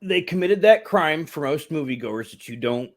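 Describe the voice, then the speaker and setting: Man, casual rambling review chat, laughs a lot, very lively pitch, slightly high. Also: moderate pace. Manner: rambling, laughs often, swings pitch widely. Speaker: movie review podcast co-host.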